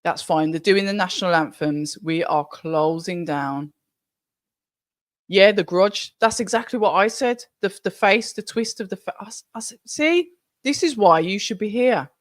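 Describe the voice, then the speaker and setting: An excitable woman hosting a live stream, chatting straight to her viewers. Her voice sits at an ordinary middle pitch and is recorded close and dry, with no room sound around it. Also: moderate pace, no room sound. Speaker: livestream watch-along host.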